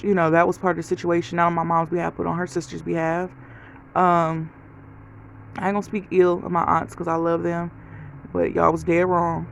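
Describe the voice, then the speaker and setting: A woman's voice: fairly low pitch, vocal fry, slight background noise, rough recording. A woman vlogger giving a casual life update, telling stories straight to her viewers. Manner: chatty storytelling, talks straight to viewers.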